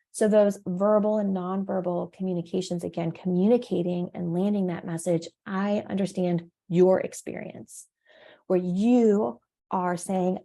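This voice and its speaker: A woman parent coach hosting a podcast, explaining ideas in a reflective way, laughing at her own examples and acting out short dialogues in a higher voice. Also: mellow. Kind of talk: solo podcast teaching.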